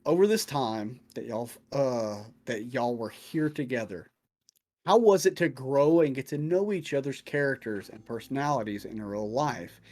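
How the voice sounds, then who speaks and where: A man's voice: mid-range voice, lively intonation, moderate pace, a little mellow. A man acting as dungeon master, casually answering viewer questions with jokes and swearing. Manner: casual and profane, joking. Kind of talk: casual chat.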